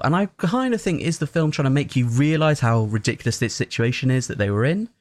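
A man who is not American, giving an animated, opinionated film review in casual chat, with many fillers and restarts. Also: mid-range voice, fast talker, few pauses, no room sound, clean studio sound.

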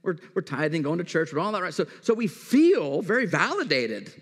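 A man preaching from the pulpit, his voice sitting a little high for a man. He talks in a relaxed, conversational way, pausing to ask the children questions and using everyday stories. The sound rings with the long reverb of a church hall. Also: breathy edge. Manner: conversational, uses everyday examples and asks the kids questions. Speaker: pastor. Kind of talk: sermon.

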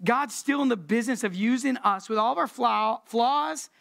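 Woman preaching with a gravelly fry. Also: on the high side, normal speed. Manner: relaxed, slangy, repeats words for emphasis. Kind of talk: casual conversational sermon.

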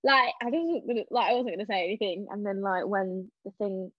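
A young woman chatting casually as a podcast guest, telling animated stories and acting out what people said. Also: medium pitch, a little fast, dry recording. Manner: animated storyteller, acting out quotes. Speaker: podcast guest, stage actress. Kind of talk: casual chat. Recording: dull lo-fi sound.

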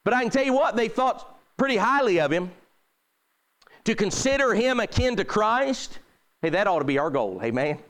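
A man with a high voice preaching a sermon. He delivers it emphatically and repeats his points. His pitch swings from high to low. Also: sing-song, normal speed, a bit bright.

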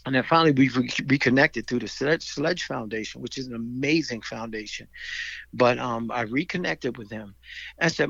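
A man telling a story in an animated way, acting out the people he quotes. His voice has gravelly edges and swings widely in pitch. The recording is dry and a bit muffled. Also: moderate pace, no room sound. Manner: animated, acts out quoted people, laughs often. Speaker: filmmaker guest. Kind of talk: storytelling in casual conversation.

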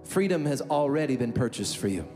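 A man's voice: mid-range voice, very animated, fairly quick. A man preaching a sermon as pastor, telling a story emphatically and building to fervent declarations. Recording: echoey hall with soft music.

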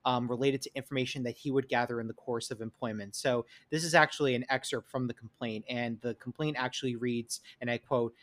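A man with a New York accent talks through a legal topic as a podcast co-host, unpacking details and dropping the odd pun. His voice sits in an ordinary middle pitch, and he reads quoted passages in a measured way. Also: fairly even intonation, a bit bright. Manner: punning, explanatory, reads quotes aloud. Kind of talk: casual legal chat.

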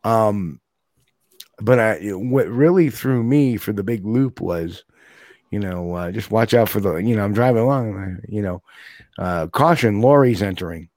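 A chatty man co-hosting a relaxed talk show, his voice sitting on the low side. He laughs often and slips into quick, playful accent impressions. The sound is dry and close, with no room around it. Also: no room sound. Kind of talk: casual chat.

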